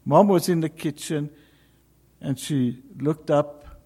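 A man preaching a sermon, telling a story dramatically, with sudden loud calls and hushed, whispered passages. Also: a little high, slow pace, breathy edge.

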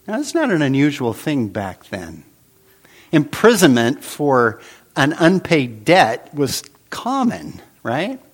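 A man preaching a sermon, swinging between loud emphasis and hushed, dramatic drops. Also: mid-range voice. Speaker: pastor.

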